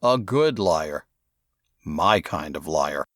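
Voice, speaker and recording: A man's voice: rumbling low, lively intonation, slow pace, fairly bright tone, no echo, clean studio sound, voice pushed down, heavily acted. A man voicing a lonely young man who jokes in a wry, earnest way.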